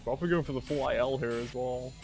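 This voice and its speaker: Fast-talking man analysing a live match. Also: mid-range voice, darkish tone, soft background music. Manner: analytical, points out options and strategy. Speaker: co-commentator. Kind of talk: live speedrun commentary.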